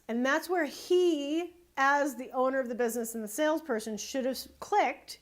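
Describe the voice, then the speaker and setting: A photographer who runs a small business gives casual sales advice by way of a story, animated and exasperated, repeating words for emphasis. Her voice is high-pitched and she speaks unhurriedly.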